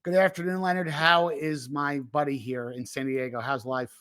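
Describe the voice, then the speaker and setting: A man hosts a tech podcast in a casual, animated chat, his voice sitting a bit high. He talks with plenty of fillers and restarts, and the sound is dry and close with no room echo. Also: moderate pace. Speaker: podcast host and tech analyst. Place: remote recording.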